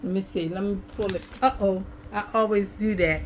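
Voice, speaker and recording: A woman's voice: medium pitch, fairly even intonation, moderate pace. A chatty woman sits at her craft table at home and talks straight to her viewers in a loose, folksy way, with her camera on an over-table tripod. A faint hum of background noise sits under her voice. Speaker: craft vlogger. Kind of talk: casual chat.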